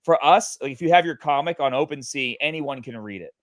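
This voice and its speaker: A man in casual livestream chat, pitching his project with many fillers and restarts. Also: animated, fairly quick, no room sound. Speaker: guest, NFT project creator.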